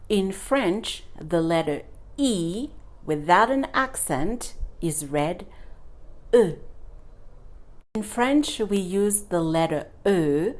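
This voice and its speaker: A woman's voice: low voice, a little mellow. A woman teaching a French lesson, patiently repeating and demonstrating sounds for her learners. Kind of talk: online language lesson.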